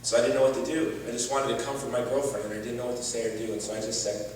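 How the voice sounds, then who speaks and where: A man's voice: medium pitch, level tone, racing, few pauses, darkish tone, slight background noise. A man giving an earnest personal testimony as a gala speaker, with touches of wry humor. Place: large event hall. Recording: distant echoey hall recording.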